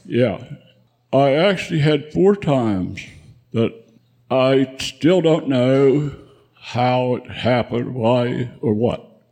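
Man in his 90s, gravelly, husky, rambling chuckling storyteller, veteran recalling the war. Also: medium pitch, expressive, drawn-out words, a little mellow. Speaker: veteran guest. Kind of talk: spoken war memoir. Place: live audience event.

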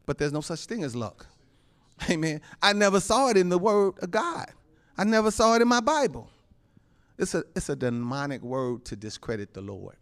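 A male pastor preaches a sermon, dropping frequent amens and chuckles. He moves between soft, low asides and loud, high exclamations.

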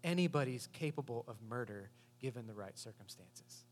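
A man voicing a grizzled, cynical male detective, low and blunt, in a sermon. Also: expressive, moderate pace, close to an everyday voice. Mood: grim. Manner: gruff, blunt. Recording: long hall reverb.

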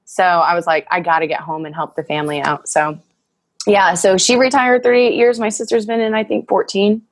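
A wrestler in her thirties, appearing as a guest in a casual interview, tells personal stories with emotion, plenty of fillers and laughter. Her mid-range voice is steady in tone and brisk, with no room sound.

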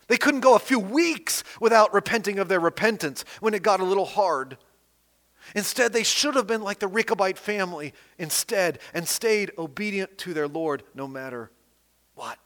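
A man preaching a sermon in an animated, emphatic way, reading scripture aloud with rising and falling emphasis. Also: high-pitched. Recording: long hall reverb.

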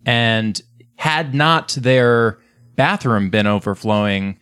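A man's voice: mid-range voice, expressive, slow, a bit bright, smooth, no echo, clean studio sound. Rambling male podcast co-host. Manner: rambling, hesitant with fillers. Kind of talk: casual podcast chat.

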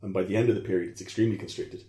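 A man's voice: deep voice, fairly even intonation, rapid-fire, warm tone, echoey room. A man explaining history in conversation, rambling and correcting himself as he goes. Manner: rambling, self-correcting, digressive. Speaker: historian guest.

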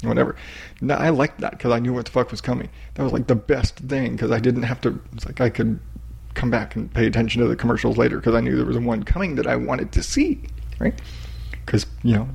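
A middle-aged man hosting a podcast, chatting casually in an excited, rambling way with heavy swearing. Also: mid-range voice, vocal fry, slightly rough. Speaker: podcast host. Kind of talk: casual profane chat.

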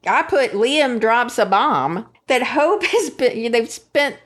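A woman's voice: fairly high pitch, expressive, slow pace. A woman co-hosting a podcast, chatting casually and getting fired up as she acts out quotes. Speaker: podcast co-host. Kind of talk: casual chat recapping a soap opera.

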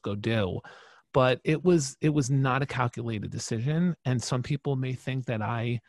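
A man in his forties, a podcast guest, telling a personal story with emphatic, animated delivery and frequent restarts. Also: mid-range voice, no room sound.

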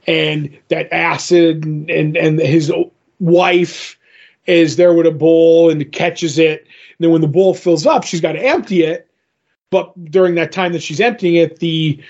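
A man's voice: on the high side, dull audio. A man co-hosting a comic book podcast, retelling a story in a rambling, casual way with lots of fillers. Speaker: podcast co-host.

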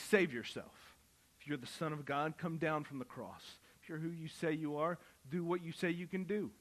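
A man preaching a sermon, moving from quiet Bible reading to loud, impassioned calls. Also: medium pitch. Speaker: pastor.

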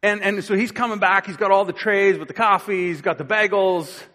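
A man preaches in a loose, conversational way, slipping into little acted-out voices as he tells the story. His voice sits a touch high for a man. The sound carries a long reverb, as if filling a big church hall. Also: fairly even intonation, brisk, bright, forceful tone. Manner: conversational, acts out quoted voices. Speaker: pastor. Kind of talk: sermon.

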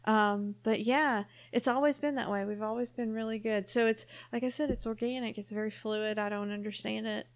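Animated woman podcast co-host. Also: a little high, brisk, few pauses. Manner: animated storyteller, acts out quotes. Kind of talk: casual chat.

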